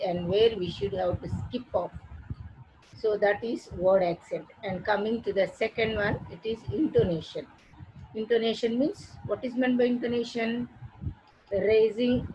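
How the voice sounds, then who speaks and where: A woman's voice: mid-range voice, dark tone, lo-fi sound, slight background noise. A woman teacher gives a classroom lecture that walks students through a syllabus. She repeats her points and explains them with simple examples. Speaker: college English teacher.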